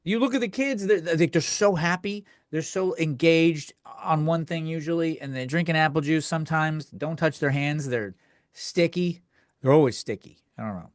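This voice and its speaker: Man host for a comic rant, slightly high voice, crude and rambling, dry booth sound. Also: normal speed, no room sound. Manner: crude, profane, rambling with many restarts. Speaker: podcast host. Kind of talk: comedic rant.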